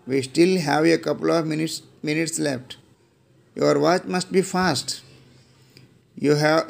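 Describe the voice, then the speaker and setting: Slow gravelly Indian English teacher. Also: male voice, fairly high pitch, fairly even intonation. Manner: slow, deliberate phrase-by-phrase reading with repeats. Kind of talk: reading out classroom phrases.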